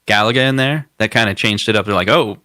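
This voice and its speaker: A man co-hosting a podcast, chatting casually with a halting, enthusiastic manner. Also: fairly low pitch, pushed and bright, smooth, no room sound, clean studio sound. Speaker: podcast co-host. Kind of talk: casual chat.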